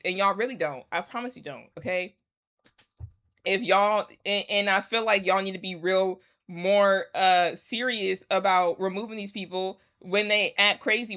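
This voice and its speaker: A woman's voice: mid-range voice, a bit bright. A woman vlogger ranting to her followers in a casual, emphatic and sarcastic way, repeating her points. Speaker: commentary vlogger. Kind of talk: casual rant to camera.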